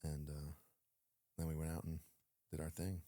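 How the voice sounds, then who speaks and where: Speaking at normal speed with an extremely low pitch, this former Navy SEAL is a guest in an interview, recorded dry at studio quality. He tells his story casually and animatedly, acting out quoted dialogue amid lots of fillers.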